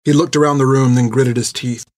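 A man reads a story aloud in a steady, measured voice of middle pitch. The recording is close and dry, with no room sound. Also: no echo. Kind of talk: audiobook narration.

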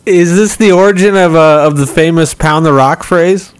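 A man's voice: on the high side, normal speed, clear, resonant tone. A man hosting a casual interview, asking thoughtful questions with plenty of likes and you-knows. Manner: thoughtful, hedging with fillers. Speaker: host.

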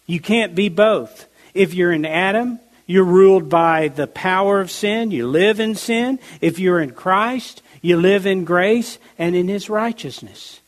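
A man preaching a sermon, stressing key words by slowing down and reading scripture aloud in a measured way. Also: high voice. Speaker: pastor.

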